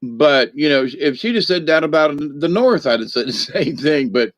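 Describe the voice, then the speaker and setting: A man's voice: fairly high pitch, expressive, moderate pace, no echo. A man hosting a rambling spiritual livestream in a folksy, feisty manner, laughing often and greeting viewers by name. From northern United States. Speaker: livestream host reading viewer comments.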